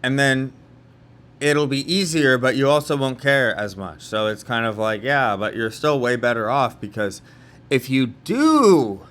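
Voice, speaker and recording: A young man from California tells a personal story in a relaxed vlog. His delivery rambles, full of filler words and sentences he restarts. His voice sits at an ordinary middle pitch for a man. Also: measured pace. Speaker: vlogger. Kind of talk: casual storytelling monologue.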